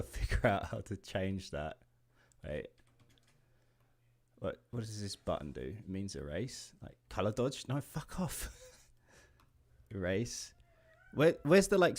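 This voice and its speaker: A lowish-voiced English man in his late twenties, an indie game developer, chats casually on a livestream while he draws. He rambles, gets distracted easily, laughs a lot, and swears without much thought.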